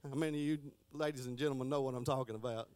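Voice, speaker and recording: A man's voice: medium pitch, steady tone, very fast, darkish tone, smooth. A middle-aged man giving a folksy Sunday school lesson, stumbling and restarting as he reads aloud.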